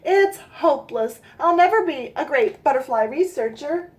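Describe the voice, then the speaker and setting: A woman's voice: high-pitched, animated, normal speed, voice pushed up. A woman voicing a timid, dreamy little girl gosling in a storybook read-aloud, with a small, eager childlike voice. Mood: forlorn.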